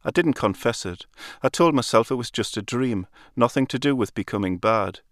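A man reading a literary story aloud in a calm, measured storytelling manner. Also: medium pitch, dry recording, clean studio sound. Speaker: narrator. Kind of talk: literary audiobook narration.

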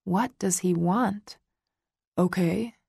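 A woman narrating a first-person romance audiobook in a slow, intimate reading voice. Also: mid-range voice, fairly even intonation, no echo, studio quality.

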